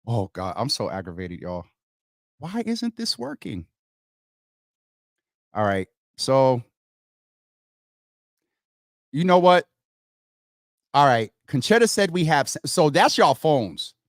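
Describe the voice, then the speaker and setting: A man hosting a casual livestream, thinking out loud as he works through technical problems and talking straight to his viewers, calling them y'all. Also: medium pitch, very animated, a little slow, pauses often, dry recording, clean studio sound. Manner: thinks out loud while fixing tech problems. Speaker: livestream host.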